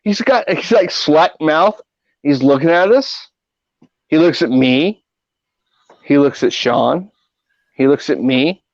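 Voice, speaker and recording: A man's voice: fairly high pitch, animated, slow, pauses often, dry recording. A middle-aged man hosting a podcast, telling rambling, profane anecdotes in a casual way. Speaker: podcast host. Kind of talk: casual storytelling. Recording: dull lo-fi audio.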